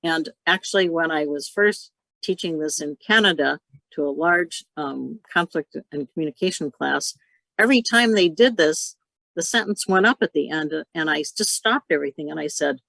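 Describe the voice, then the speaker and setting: Woman, workshop teacher, bright voice, dry close audio, explanatory. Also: low-pitched, a little fast, creaky, dry recording, poor audio. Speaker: workshop instructor. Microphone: video call.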